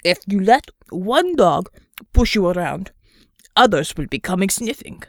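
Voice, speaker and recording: A blustering male bear with a thick Russian accent and broken English, as a woman reader puts him on. He talks loud and slow, pushing his points in an audiobook. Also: mid-range voice, very animated, vocal fry, no echo, clean studio sound, exaggerated voice. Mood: pushy.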